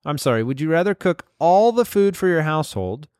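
A man's voice: a little high, big pitch swings, a little fast, darkish tone, clean tone, no room sound, studio quality. Wry man joking on a podcast. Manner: wry, playful wordplay. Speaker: podcast co-host. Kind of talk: casual comedic chat. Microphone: remote call mic.

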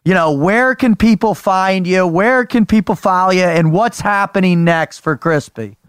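A man's voice: high voice, normal speed, clean tone, dry recording, studio quality. A male podcast host asking a guest questions in casual, enthusiastic banter. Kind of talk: casual interview.

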